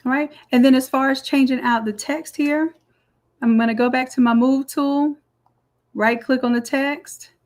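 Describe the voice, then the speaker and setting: A woman walking through a design software tutorial step by step in a chatty, explaining way. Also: high-pitched, fairly even intonation, normal speed. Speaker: design instructor. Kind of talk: screen-recorded software tutorial.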